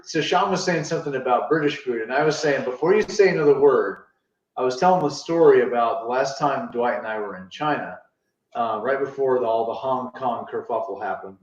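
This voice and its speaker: Male host, animated, reads comments, muffled roomy room tone. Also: medium pitch. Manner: animated, reads viewer comments aloud, rambling anecdotes. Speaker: livestream co-host. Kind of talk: casual livestream chat. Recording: roomy, distant, dull sound.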